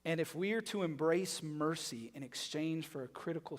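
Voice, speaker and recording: Man, pastor, sermon, high voice, emphatic, rhetorical questions, long hall reverb. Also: moderate pace, hardly any pauses. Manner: emphatic, rhetorical questions, shifts from loud to hushed.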